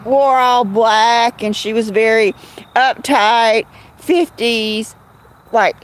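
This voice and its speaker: A middle-aged woman, hosting a casual livestream from her rural home and answering viewers by name. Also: a little high. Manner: chatty, drawling, answers chat by name. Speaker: livestream host.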